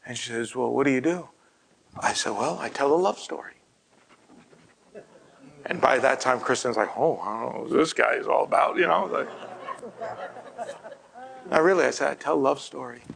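A man preaching, telling a personal story and often dropping to a hushed, breathy near-whisper. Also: mid-range voice, animated, normal speed, long pauses, poor audio. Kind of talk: storytelling sermon.

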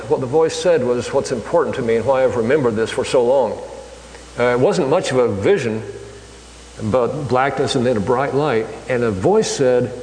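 A man giving a folksy lay sermon in a church hall, halting, with many fillers. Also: medium pitch, darkish tone. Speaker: lay preacher. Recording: echoey hall with faint hum.

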